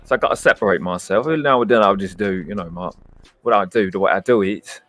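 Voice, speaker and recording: A man's voice: lowish voice, quick pace, a bit bright. Brash, profane British man. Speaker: livestream host. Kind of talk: combative livestream commentary.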